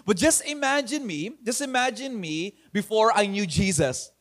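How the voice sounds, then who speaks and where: A man's voice: high voice, animated, moderate pace, a bit bright. A young man preaching a sermon, playful and laughing, acting out voices as he tells a story. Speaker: pastor. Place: church online broadcast.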